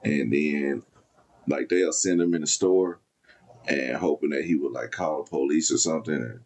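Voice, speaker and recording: Deep-voiced man telling loose stories. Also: normal speed, a little mellow. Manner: loose, rambling, profane storytelling. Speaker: podcast host. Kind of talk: casual storytelling.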